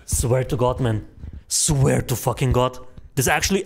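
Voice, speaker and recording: A man's voice: medium pitch, a little slow, vocal fry, husky. A young adult man streaming a horror game, telling a rambling, profane anecdote with lots of fillers and laughter. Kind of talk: casual gaming stream storytelling.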